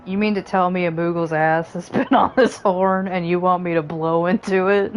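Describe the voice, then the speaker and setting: A woman's voice: on the low side, fairly even intonation, moderate pace, hardly any pauses, clear, resonant tone. A woman streaming a game, reading the characters' lines aloud and joking about them, laughing often. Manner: jokey, laughs often, puts on voices. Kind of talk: reading game dialogue aloud with casual commentary.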